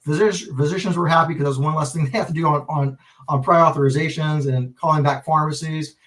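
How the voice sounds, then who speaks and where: A man's voice: a little high, quick pace, far from the mic. A man, a pharmacist and healthcare leader, telling a story on a podcast, acting out the dialogue and often restarting his sentences. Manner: animated storyteller, acts out quoted dialogue, many restarts. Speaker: pharmacist and healthcare executive guest.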